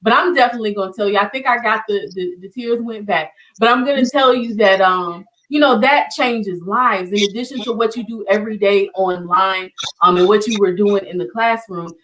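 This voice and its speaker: A woman's voice: mid-range voice, a bit bright, low-quality recording. A woman hosting an online community show, speaking with heartfelt emotion and often repeating her words. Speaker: host. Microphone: video call.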